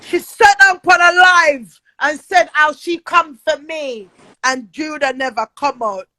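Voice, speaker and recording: Furious high-voiced woman. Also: a little slow, dry recording. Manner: angry, loud and profane, often near tears. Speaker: live streamer. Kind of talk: heated livestream rant.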